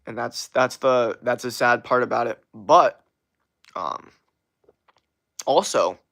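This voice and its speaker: A man's voice: medium pitch, gravelly, fairly bright tone. A young man hosting a livestream, answering chat in a blunt, profane, rambling rant that repeats itself. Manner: blunt, profane, talks fast in bursts and repeats himself. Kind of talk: casual unfiltered rant.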